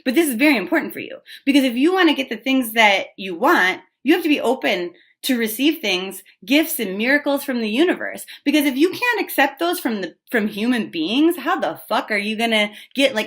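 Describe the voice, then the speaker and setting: A woman's voice: a little high, animated, a little fast, few pauses, fairly bright tone. Woman, casual tarot reader: chatty, blunt, filler-heavy delivery. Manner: chatty, frank, with fillers and swearing.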